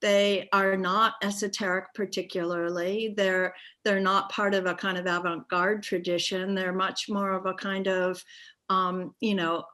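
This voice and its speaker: A woman's voice: medium pitch, little pitch movement, unhurried, bright, forceful tone. A woman moderating an art panel discussion, thinking aloud with many restarts and "you know"s.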